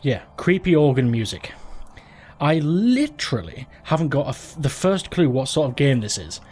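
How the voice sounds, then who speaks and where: A man's voice: fairly high pitch, sing-song, normal speed, a little mellow, breathy edge. A man hosting a let's play from home, rambling through game commentary, joking and swearing casually as he goes.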